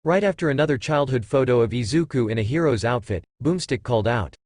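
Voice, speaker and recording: A man's voice: medium pitch, animated, fast talker, darkish tone, dry recording, clean studio sound. A man narrating a fan-fiction story and reading every character in much the same voice. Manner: reads every character in one voice.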